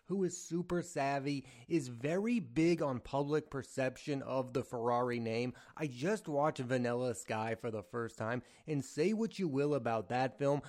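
A man's voice: medium pitch, darkish tone. A man hosting a film podcast, giving his candid, strongly opinionated takes in a conversational way. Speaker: podcast host, film critic.

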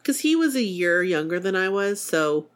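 A woman's voice: on the low side, sing-song, normal speed. Chatty woman podcast co-host. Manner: chatty, laughs often. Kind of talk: casual chat.

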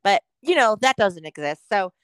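A woman's voice: mid-range voice, big pitch swings, normal speed, clear, resonant tone, no room sound. A woman co-hosting a casual podcast, ranting with heavy swearing and acting out her own reactions in quotes. She is from California. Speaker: podcast co-host. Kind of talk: casual profane chat.

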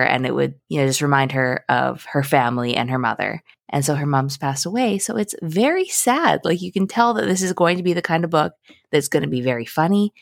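A young woman co-hosting a podcast, chatting casually and telling animated stories about her day. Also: sits low, gravelly, no echo, clean studio sound. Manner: chatty, animated storytelling with frequent laughs. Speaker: podcast co-host. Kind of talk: casual chat.

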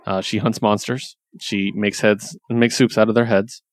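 A man casually recapping a story, chatty and laughing often, quoting characters in quick voices. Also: on the low side, flat delivery, no echo. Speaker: comic book reviewer. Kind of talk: casual chat.

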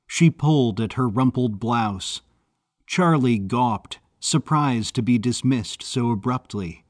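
A man narrating an audiobook in a measured, even reading style. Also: mid-range voice, no echo, studio quality.

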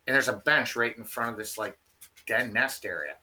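A man telling a field story in a casual, animated way, restarting his sentences often. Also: medium pitch, normal speed. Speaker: field researcher guest.

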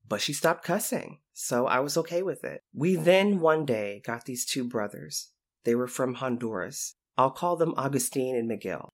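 A man telling lively stories about his time as a youth intervention specialist, acting out the voices of the people in them. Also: mid-range voice. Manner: animated, acts out quoted voices. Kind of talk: storytelling anecdote.

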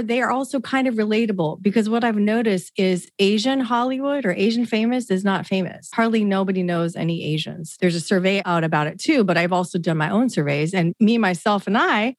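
An American woman from the Seattle area speaks in a conversational interview, earnest and pressing her points with emphasis. Her voice sits at a middling pitch for a woman. It is recorded close up with a dry, dead sound. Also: no echo. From Seattle area, United States. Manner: earnest, emphatic, fast-flowing. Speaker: guest, activist.

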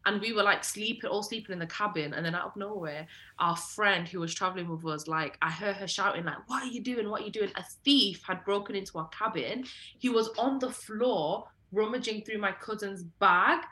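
A young woman, co-hosting a podcast and telling travel stories in a lively, casual way, full of "like" fillers. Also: medium pitch, moderate pace. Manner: animated, lots of "like" fillers, jumps into quoted voices. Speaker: podcast co-host. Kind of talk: casual storytelling chat.

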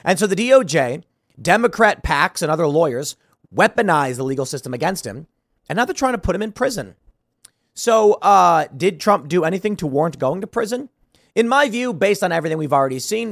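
Man, political commentary host, sarcastic, lively pitch, slightly high voice. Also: fairly quick, no echo, studio quality. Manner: sarcastic, combative, rhetorical questions.

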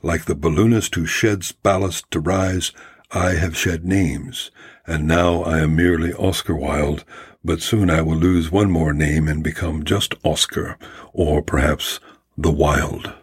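Man playing a vain, witty Victorian writer: deep, breathy voice, arrogant and theatrical, no accent. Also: fairly even intonation, unhurried, heavily acted. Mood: arrogant, amused. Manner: delightful, arrogant, theatrical air.

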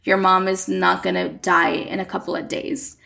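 A woman's voice: on the low side, monotone, normal speed, creaky, bright, forceful tone, heavily acted. A woman doing an impatient dismissive boss. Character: insensitive impatient male boss.

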